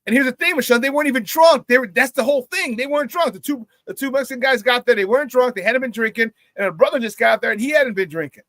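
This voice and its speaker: A man hosts a sports talk show, telling a story in a loose, animated rant. His voice sits fairly high for a man, and he uses quick voice changes when he quotes people. The sound is dry and close, with no room echo. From Chicago area. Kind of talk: casual rant on a live show.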